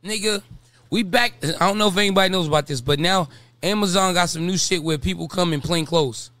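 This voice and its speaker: A man from Brooklyn, hosting a podcast in loose, boastful chat full of profanity and quick rhymes. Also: high-pitched, a bit bright, no echo. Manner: boastful, profane, rhyming banter. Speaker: podcast host. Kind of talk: casual chat.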